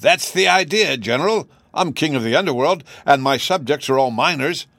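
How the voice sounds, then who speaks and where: A man voicing a furious, tantrum-prone gnome king who shouts his lines. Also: no room sound, close to an everyday voice. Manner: shrill and shouting.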